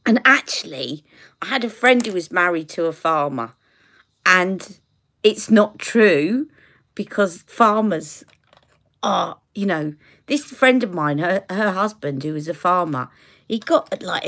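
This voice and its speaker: A woman's voice: on the low side, fairly bright tone. A woman from the UK chatting and laughing through tangents on a live makeup stream. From United Kingdom. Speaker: beauty vlogger. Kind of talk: live makeup tutorial chat.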